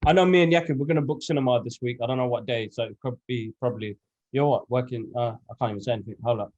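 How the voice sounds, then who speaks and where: A man, co-hosting a casual podcast chat, animated and slangy. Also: medium pitch, racing, lo-fi sound. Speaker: podcast co-host.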